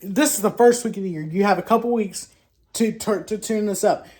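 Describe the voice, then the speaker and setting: A woman hosting a casual sports commentary vlog. She trash-talks in an animated way, with loud exclamations, rhetorical questions and frequent restarts. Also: mid-range voice, brisk. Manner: frequent restarts and self-corrections. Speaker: sports show host.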